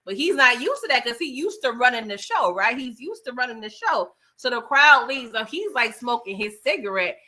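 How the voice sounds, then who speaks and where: Chatty woman breaking down a movie, bright voice, a bit high, lots of "okay?". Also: big pitch swings, normal speed, few pauses. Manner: chatty, slangy, tags lines with "okay?" and "right?". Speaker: movie reviewer. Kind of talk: casual film recap.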